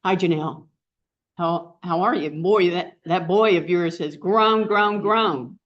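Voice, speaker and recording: A woman's voice: on the low side, unhurried. Rambling heartfelt woman host, dull recording. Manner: rambling, heartfelt, many fillers. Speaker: meeting host and co-founder. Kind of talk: casual introduction at a group meeting. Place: meeting room with an audience.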